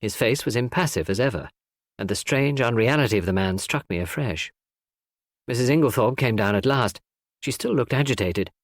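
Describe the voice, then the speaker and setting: A man narrating a classic novel in a measured storytelling read. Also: mid-range voice, no echo, studio quality. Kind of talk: audiobook narration.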